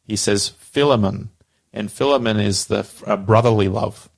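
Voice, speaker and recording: A man's voice: on the low side, moderate pace, gravelly. A man casually explaining a Bible passage, animatedly acting out the quoted dialogue.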